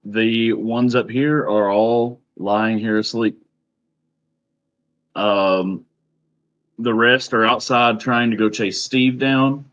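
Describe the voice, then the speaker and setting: A man running a tabletop game as game master, unhurried and hesitant. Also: mid-range voice, fairly even intonation, fairly bright tone. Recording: dull lo-fi recording.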